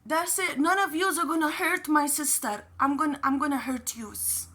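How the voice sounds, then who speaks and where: A woman's voice: sits high, normal speed. A woman quoting a drunk, angry man with an axe who repeats his threats. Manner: shouting threats in repeated bursts.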